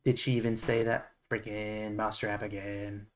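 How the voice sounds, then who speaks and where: A man's voice: on the low side, little pitch movement, moderate pace, over music. A man streaming an old video game, muttering and cursing to himself under stress, with wry asides. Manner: wry, self-mocking asides. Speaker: streamer playing retro games. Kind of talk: live gameplay commentary.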